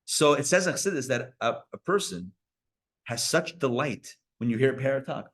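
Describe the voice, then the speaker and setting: A rabbi giving a live Torah lecture to an audience at a community center, talking in a conversational way with playful asides to the listeners. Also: male voice, medium pitch, normal speed, a bit bright. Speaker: rabbi teaching a class.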